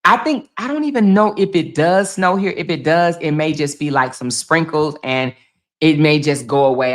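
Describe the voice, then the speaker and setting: In a low voice at normal speed, a woman from Chicago runs a relaxed home livestream indoors, reacting emphatically to chat comments she reads aloud. The blogger swears freely and calls her audience baby and girl.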